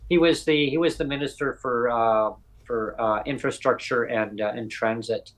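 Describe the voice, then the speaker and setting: Halting Canadian man hosting a podcast. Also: medium pitch, poor audio. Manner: halting, many fillers and restarts. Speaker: podcast host. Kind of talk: casual podcast chat.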